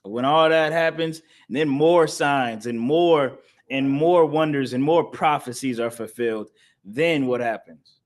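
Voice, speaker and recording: Man, scripture class teacher. Emphatic, preachy, and repetitive, with average pitch. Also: a little slow. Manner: emphatic, repetitive, laughs between points. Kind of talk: preaching-style scripture lesson.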